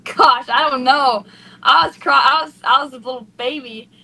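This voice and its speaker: A woman's voice: high voice, moderate pace, low-quality recording. A young woman racing driver, gushing and tearful in an emotional post-race interview. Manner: excited, gushing, breathless with emotion.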